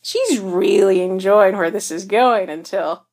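A woman narrating a fan fiction story aloud in a steady, unhurried way. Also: medium pitch. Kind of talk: fan fiction audiobook reading.

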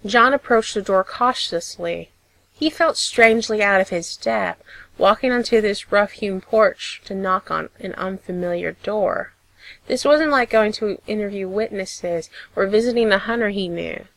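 A woman's voice: medium pitch, a bit bright, no room sound, poor audio. Woman reading a story in a dry room. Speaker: narrator. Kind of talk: audiobook reading of fiction.

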